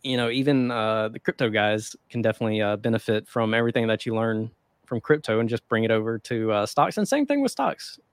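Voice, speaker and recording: A man's voice: fairly low pitch, animated, brisk, clean tone, no echo, studio quality. A man hosting a casual trading podcast, talking in a laid-back, rambling way with lots of fillers. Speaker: host.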